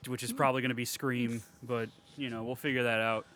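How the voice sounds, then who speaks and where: A man's voice: medium pitch, fairly quick. A man co-hosting a podcast, retelling a movie in casual chat with profane jokes and laughter. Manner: profane, joking, animated retelling. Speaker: podcast co-host.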